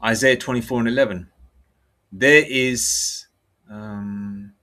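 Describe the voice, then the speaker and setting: A middle-aged British man gives an informal sermon in a blunt, swearing street style. He checks in with "okay?" and "all right?" after his points and slows down to read scripture aloud. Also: medium pitch, fairly even intonation, pushed and bright. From United Kingdom. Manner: reads scripture aloud slowly. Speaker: religious preacher. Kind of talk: informal preaching monologue.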